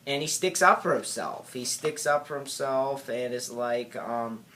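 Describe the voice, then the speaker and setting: A man's voice: medium pitch, sharp tone, slight background noise. Hesitant young man reviewing a film. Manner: hesitant, halting, many filler words and restarts. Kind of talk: casual spoken film review.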